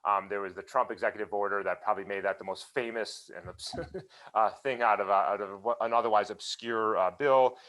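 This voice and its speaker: A man answering questions in a conversational talk, emphatic and animated, with many fillers and restarts. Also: fairly low pitch, brisk. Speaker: guest speaker.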